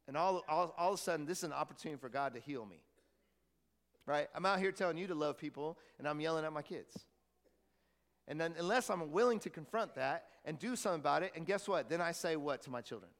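Man, pastor, conversational sermon, high voice, long church reverb. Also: quick pace, a bit bright. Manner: conversational preaching, asks the congregation questions. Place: church hall.

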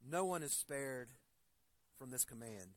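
A man's voice: mid-range voice, lively intonation, a little slow, a little hiss or hum. A man in his forties preaching a sermon, earnest and building to emphatic stresses, weaving personal stories into his point. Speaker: pastor.

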